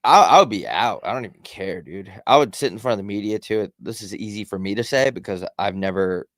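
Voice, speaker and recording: A man's voice: lowish voice, animated, a little fast, a bit bright, no echo, clean studio sound. A man co-hosting a podcast in casual sports chat, rambling and profane. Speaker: podcast co-host.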